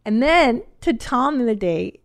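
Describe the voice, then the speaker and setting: A middle-aged woman hosting a podcast, chatting casually and telling animated stories, acting out quotes and laughing often. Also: a little high, moderate pace. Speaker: podcast host. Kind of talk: casual chat.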